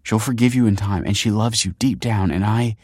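A man reading an audiobook, voicing a dying woman who speaks softly and tenderly to her husband. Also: fairly low pitch, fairly even intonation, a little fast, breathy edge, dry recording, clean studio sound, voice pushed up. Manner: soft, gentle, quavering. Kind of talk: audiobook character voice.

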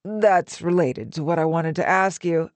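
A woman's voice: sits low, measured pace, no room sound. A woman voicing a nervous, flustered middle-aged man in an audiobook reading. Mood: uneasy. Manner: hesitant, fidgety. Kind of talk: audiobook narration.

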